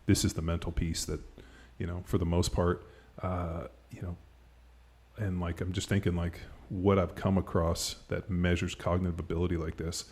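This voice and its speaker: A man's voice: low voice, little pitch movement, normal speed, a little mellow, breathy edge. A middle-aged man hosting a podcast in casual chat, rambling with lots of "like" and the odd swear word. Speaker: podcast host.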